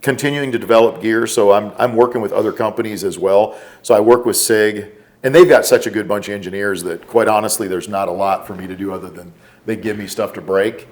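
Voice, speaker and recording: Guest, middle-aged man, low voice, unhurried storytelling with quoted lines. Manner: relaxed, drawn-out storytelling with quoted dialogue. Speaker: podcast guest, former special forces operator. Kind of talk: casual storytelling.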